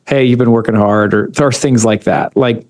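A man's voice: medium pitch, fairly even intonation, moderate pace, darkish tone. A man co-hosting a podcast in casual conversation. His voice sits in the middle range, and he keeps the talk going with frequent short affirmations. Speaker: podcast co-host. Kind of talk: casual chat.

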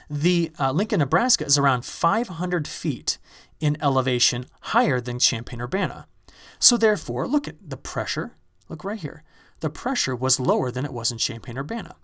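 A Midwestern man teaching a recorded online lecture, his voice sitting a little on the high side. He explains things in an animated, storytelling way. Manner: lively storytelling, animated when excited. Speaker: university lecturer. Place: recording space in Champaign-Urbana.

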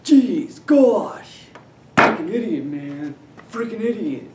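A man doing a high, exasperated impression of an awkward nerdy teenage boy in a casual accent challenge. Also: big pitch swings, slow pace, noisy background, full character voice. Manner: high strained exasperated muttering. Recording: roomy, camera far off.

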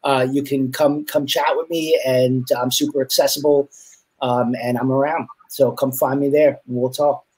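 Husky New York man chatting. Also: medium pitch, little pitch movement, moderate pace, a little mellow. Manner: rambling with many restarts. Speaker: guest. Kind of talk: casual interview chat.

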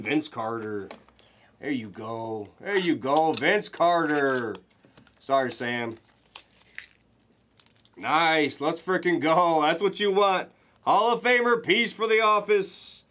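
A man hosting a live card break, calling out pulls to viewers with excited, hyped commentary and the odd swear. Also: a little high, slow pace, pauses often.

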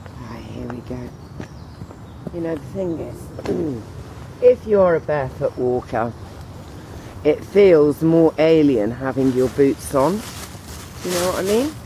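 A woman talking to the camera on an outdoor walk, meandering with many pauses and fillers. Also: low voice, lively intonation, background noise. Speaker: vlogger. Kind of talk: rambling walk-and-talk vlog.

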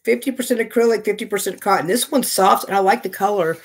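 A man with a high, breathy voice talks quickly and casually while opening fan mail on his knitting vlog. He gushes and thinks out loud as he unboxes.

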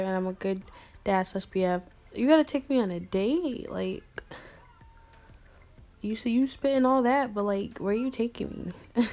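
A young woman YouTuber chatting casually and playfully to her fans, slangy and quick to laugh. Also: mid-range voice, warm tone. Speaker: YouTuber replying to fan messages. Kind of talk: casual chat.

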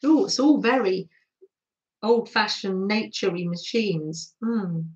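A woman's voice: medium pitch, animated, slow pace, darkish tone, highs cut off. An older woman hosting a casual craft livestream, gushing over her materials and answering viewers' comments as she works.

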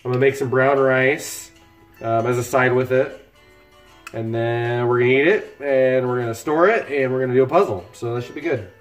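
A middle-aged man chats casually with viewers while he cooks, joking between steps. His voice has an ordinary middle pitch. The kitchen sounds roomy and echoey, and soft music plays faintly from laptop speakers. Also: moderate pace. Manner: chatty, joking, talks to viewers while cooking. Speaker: cooking livestream host. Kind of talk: casual cooking livestream chat. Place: home kitchen. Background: music from laptop speakers, frying food.

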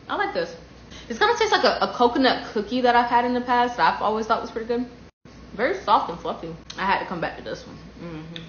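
A woman from the United States in a casual comedic vlog, brash and profane, jumping from loud outbursts to low muttering. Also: slight background noise. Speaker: comedy creator. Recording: echoey room, dull lo-fi sound.

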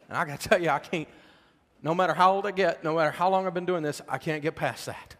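A folksy, middle-aged American man preaches in a hall, his voice pitched on the high side and moving a little fast. He tells stories sermon-style about faith and money, emotional and swinging between loud preaching and a soft hush.

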